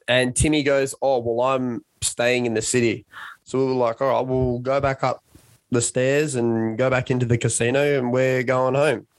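A man in his young adult years tells a long, rambling story at an easy, self-mocking pace. His voice sits at a middle pitch and is recorded close and dry, with no room sound around it. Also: clear, resonant tone, no room sound. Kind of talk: casual storytelling chat.

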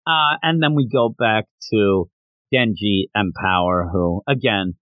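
A man with a fairly low voice co-hosts a podcast at a measured pace, recapping a manga chapter in casual conversation. He's animated and performs the characters' lines in voices; the sound is phone quality with no room sound.

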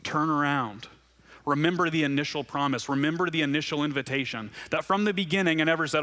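A man's voice: a little high, fast, bright, forceful tone. A man preaching a sermon as pastor to his church, earnest and conversational, with frequent light laughs.

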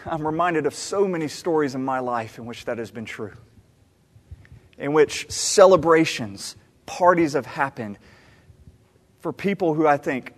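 With a fairly high, expressive voice, a Southern American pastor retells a story animatedly at a measured pace, leaving long pauses and repeating key phrases. His sermon rings with the long reverb of a big church sanctuary, a large hall.

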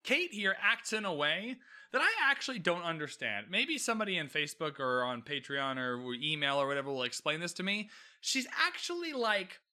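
A man hosting a casual solo podcast recap, animated and sarcastic, swearing freely and laughing often. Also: high voice. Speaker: podcast host recapping a TV episode.

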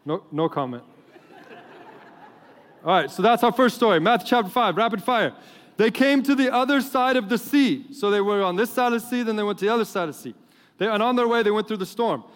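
Male preacher, high voice, animated joking storyteller, long hall reverb. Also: fast talker. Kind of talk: sermon.

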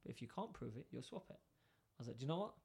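In casual chat, a man animatedly tells a workplace story, acting out both sides of the conversation. He talks fast in a mid-range voice that's creaky with a breathy edge.

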